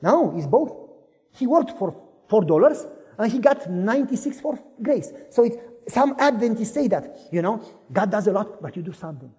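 A man preaching a sermon in an animated way, acting out dialogue in voices and asking the audience questions. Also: high-pitched, normal speed, breathy edge. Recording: echoey hall, long reverb.

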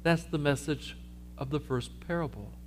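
Animated male preacher telling a parable. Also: on the high side, normal speed, slight background noise. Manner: animated storytelling, acting out sheep and Jesus. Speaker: pastor. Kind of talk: sermon.

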